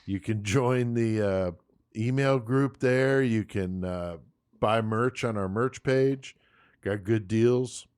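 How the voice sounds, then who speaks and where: A man's voice: lowish voice, slow pace, clean tone. Casual male podcast host, laid-back, plugs the show. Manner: relaxed, plugging the show. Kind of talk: casual chat.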